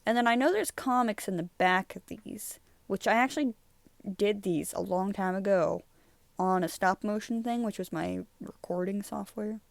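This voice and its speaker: In a dry, close recording, a young woman hosting her channel chats and rambles about art, laughing easily. She speaks at a normal pace in a mid-range voice with some vocal fry.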